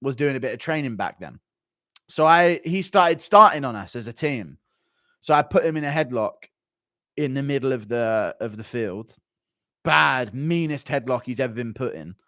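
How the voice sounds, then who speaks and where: A young man reading and answering viewer chat on a casual live stream, animated and joking, with some mild swearing. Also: mid-range voice, moderate pace, dry recording, dull audio.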